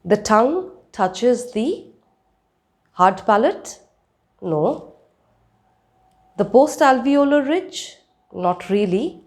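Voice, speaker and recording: Slow, careful woman teacher. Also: a little high, sing-song. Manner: slow, careful teacher, demonstrating sounds and checking with "okay?". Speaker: accent coach. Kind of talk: spoken English lesson.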